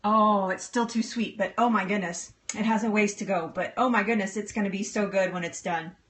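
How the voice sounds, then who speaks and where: A woman's voice: mid-range voice, fairly even intonation, brisk, a bit bright. Bubbly, giggly woman streaming live. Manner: bubbly, giggly, answers viewer comments. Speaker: livestream host. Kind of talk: casual live-stream chat.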